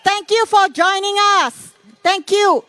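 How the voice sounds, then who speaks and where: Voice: very high-pitched, slow pace, sharp tone, dry recording. A speaker, a rally co-emcee making announcements and calling out to the outdoor crowd in call-and-response.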